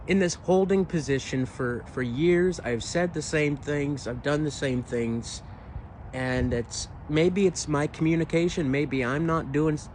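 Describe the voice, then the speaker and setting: A man's voice: on the high side, a little hiss or hum, rough recording. A man with a weathered voice, a singer talking frankly in a casual vlog, emphatic and frustrated, with rhetorical questions. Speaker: singer and video creator.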